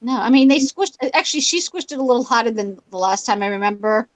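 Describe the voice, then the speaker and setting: Woman, slightly high voice, dry close sound, chatty livestream storyteller. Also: lively intonation, quick pace, no echo, rough recording. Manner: chatty, laughing, acts out quotes in storytelling. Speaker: reseller livestream co-host. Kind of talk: casual chat on a livestream. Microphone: livestream setup.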